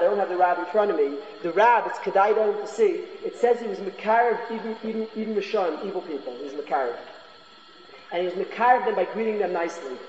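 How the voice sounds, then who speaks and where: A man's voice: high-pitched, a little mellow, slight background noise. A man giving an informal Torah lecture. He is earnest and often repeats his phrases for emphasis. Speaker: Torah class teacher. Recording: echoey hall, dull lo-fi sound.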